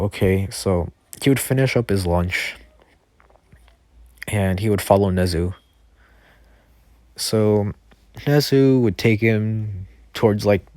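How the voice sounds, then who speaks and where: A man with a deep voice improvises a fan story at a slow, unhurried pace. He rambles, restarts and fills with "like", over a dry, close voice chat. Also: a little mellow, no echo. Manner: rambling, self-correcting, with many fillers. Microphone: Discord voice chat.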